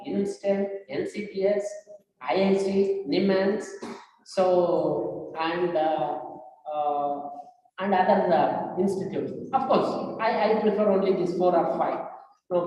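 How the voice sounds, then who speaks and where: A woman with an Indian English accent giving frank career advice to students in a lecture, with many filler pauses. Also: mid-range voice, warm tone. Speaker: guest speaker at career seminar. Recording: echoey hall, mic far off.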